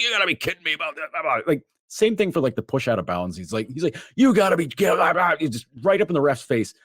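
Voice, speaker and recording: A man talking sports as a podcast guest, animated, often restarting and acting out what others said. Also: mid-range voice, dry recording, clean studio sound. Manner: animated, acts out quotes, many restarts. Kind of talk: casual sports chat.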